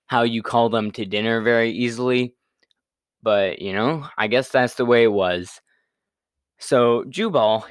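A man's voice: fairly low pitch, smooth, no echo, clean studio sound. A young man casually retelling a Bible story in a laid-back, slangy way, full of fillers and restarts.

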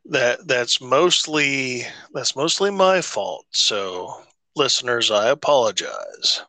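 Casual podcast guy, bright tone, slow and meandering, dry close mic. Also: mid-range voice, very animated, no echo. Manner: rambling, swearing, many restarts. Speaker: podcast co-host. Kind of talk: casual chat.

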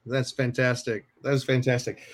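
Over a video call from a home room lined with shelves, a man hosts a podcast, chatting casually. He tells rambling stories, interrupting himself and restarting often. His voice sits in the mid-range, with a level tone and a moderate pace.

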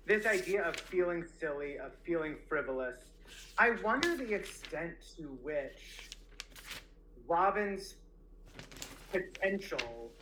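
A man's voice: on the high side, sharp tone, a little hiss or hum, rough recording. A man co-hosting a book discussion podcast, talking reflectively and reading quotes aloud. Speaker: podcast co-host.

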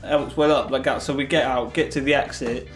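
A man's voice: mid-range voice, steady tone, fairly quick, roomy sound, faint music behind, rough recording. A British man co-hosting a podcast, telling a holiday story loosely with lots of fillers. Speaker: podcast co-host. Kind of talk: casual chat, storytelling.

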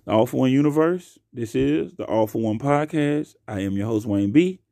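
A young man hosts his own podcast alone and talks casually into a close mic. He is profane and animated, swinging from loud bursts to low mutters. His mid-pitched voice has a gravelly fry, and the sound is dry with no room echo. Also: normal speed. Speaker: podcast host. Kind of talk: casual solo podcast rant.

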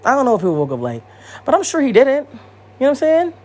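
Blunt, husky woman in her thirties. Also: sits high, huge pitch swings, quick pace, a little mellow. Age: 30s. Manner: blunt, profane and rambling, with many repeats and asides. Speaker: podcast host. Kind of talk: casual monologue.

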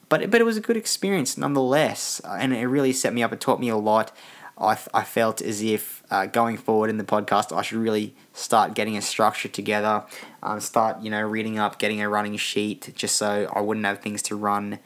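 A man's voice: on the low side, a bit bright. A young man hosting a casual solo podcast, tired and rambling with many restarts. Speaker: podcast host.

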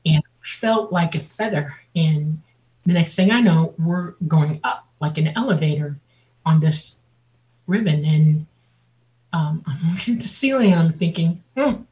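A woman guest on an interview, telling a personal story in a lively way and acting out the voices of other people. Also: low-pitched. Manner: vivid, laughs often, acts out quotes. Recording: dull lo-fi audio.

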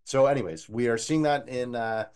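A man co-hosting a podcast, reviewing an eighties movie in casual chat, opinionated and animated. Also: medium pitch, normal speed, smooth. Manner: animated, opinionated, quotes scenes in a put-on voice. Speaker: podcast co-host.

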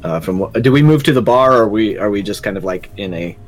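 A man's voice: fairly low pitch, lively intonation. Hesitant man playing a tabletop game. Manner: hesitant, halting, with many fillers. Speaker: player.

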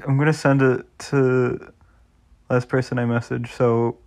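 A man's voice: mid-range voice, little pitch movement, a little slow, darkish tone. A young man chatting casually to his viewers, swearing freely and repeatedly breaking into laughter. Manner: giggly, keeps breaking into laughter. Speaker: vlogger. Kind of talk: casual rambling commentary.

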